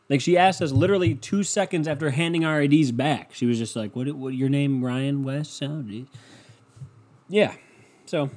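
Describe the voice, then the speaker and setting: A man's voice: medium pitch, a little mellow. Profane sarcastic young man rambling. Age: 20s. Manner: sarcastic, profane, self-mocking. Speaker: solo podcaster. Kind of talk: rambling casual monologue.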